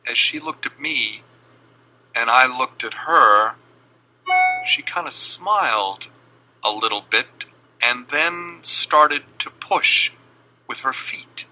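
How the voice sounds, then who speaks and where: Brief: middle-aged man telling a family story, unhurried, crisp bright tone. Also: medium pitch, lively intonation, poor audio. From Boston. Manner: deliberate, dramatic pauses. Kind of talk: personal storytelling.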